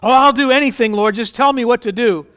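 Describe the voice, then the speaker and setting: A man voicing a panicked man clinging to a branch on a cliff, yelling and pleading for help. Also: very high-pitched, fast, smooth, pitched above the performer's own voice.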